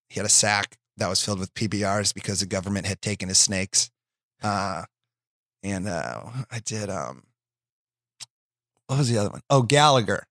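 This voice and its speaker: A man with a lowish voice tells stories in a relaxed, self-deprecating way, swearing offhandedly. The sound is close and dry, with no room around it. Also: no room sound. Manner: laid-back, profane, self-deprecating. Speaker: guest comedian. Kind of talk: casual storytelling chat.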